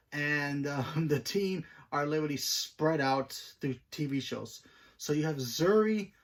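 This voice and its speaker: A man hosting his own channel, giving a casual, rambling review of a TV episode with plenty of fillers and restarts. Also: medium pitch. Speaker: host.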